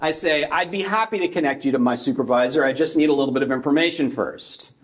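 A man's voice: fairly high pitch, quick pace. A middle-aged man from California preaching a sermon, telling a personal story and acting out the voices in it. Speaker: pastor.

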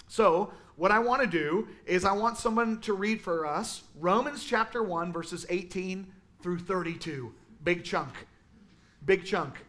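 A man teaching a Sunday school class in a casual, animated way, with lots of fillers. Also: high voice, a little slow. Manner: animated, conversational, many fillers. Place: church classroom.

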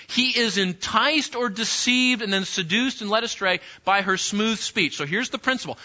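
A man teaching a sermon-style Bible lesson, animated and acting out the scenes he describes, often repeating himself. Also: sits high, muffled recording.

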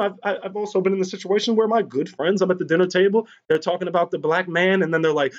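A man's voice: high voice, quick pace, hardly any pauses. A man speaking candidly in an interview, telling personal stories in a rambling way with frequent fillers and restarts. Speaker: guest recounting personal experiences. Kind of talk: candid conversational storytelling. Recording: dull lo-fi recording.

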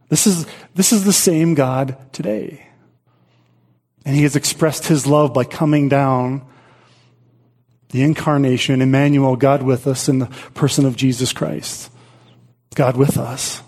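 A man's voice: medium pitch, fairly even intonation, measured pace, pauses often, darkish tone, breathy edge. A male pastor preaching a sermon and reading scripture aloud, earnest, with frequent repeats and restarts.

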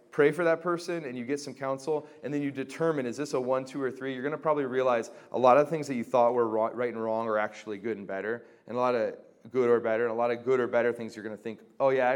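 A young man giving a casual teaching talk to a group on reconciling relationships, chatty and full of fillers, acting out quoted conversations. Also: medium pitch. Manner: conversational, many fillers, acts out quoted exchanges. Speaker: Christian formation teacher.

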